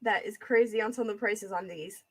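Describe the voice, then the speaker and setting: A woman's voice: medium pitch, brisk, husky. A woman hosting a casual live-stream auction, chatting with viewers by name while she looks over items and counts down sales.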